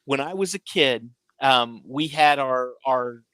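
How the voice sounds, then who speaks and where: A man co-hosting a casual movie chat, telling stories in an animated, rambling way. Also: mid-range voice, slow pace, clean tone, no room sound. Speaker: podcast co-host.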